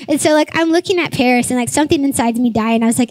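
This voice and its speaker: A young woman pastor preaching a sermon, telling a lively family story and acting out the voices of her family. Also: sits high, fairly quick, dry recording, poor audio.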